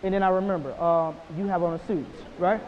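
High-voiced man giving a motivational speech. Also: fairly even intonation, fast. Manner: storytelling, rhetorical "right?" tags, swings from quiet to loud. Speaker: motivational speaker. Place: large school auditorium. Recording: hall reverb, dull lo-fi sound, faint hiss.

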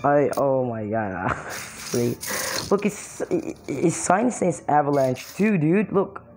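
Low, mellow-voiced excitable young woman. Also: slow pace, a little hiss or hum. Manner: excitable, exclaiming, laughs often. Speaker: mobile game player. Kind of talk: excited gameplay commentary.

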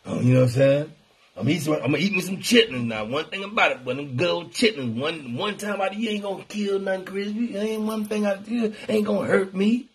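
Husky dude preaching to his viewers, loose and repetitive, mid voice. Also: medium pitch. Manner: preachy, animated, colloquial and repetitive. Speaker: wellness talk host. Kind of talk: casual motivational live stream.

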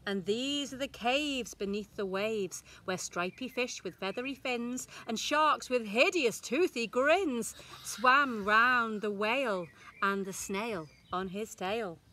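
Slow, sing-song woman reading a picture book. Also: on the high side. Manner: slow, sing-song and expressive, leaning into rhymes. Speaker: infant school teacher. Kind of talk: reading a picture book aloud to young children.

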